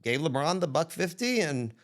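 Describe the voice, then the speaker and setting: A man guest from Texas telling stories in a casual interview, animated, acting out quoted dialogue with shifting voice. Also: on the high side, moderate pace. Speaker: guest entrepreneur.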